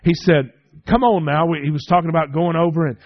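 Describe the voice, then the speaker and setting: A middle-aged man preaching a sermon, telling stories and acting out the dialogue with lively emphasis. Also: a little high, quick pace, dry recording, dull audio. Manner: storytelling, animated, acts out dialogue. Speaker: pastor.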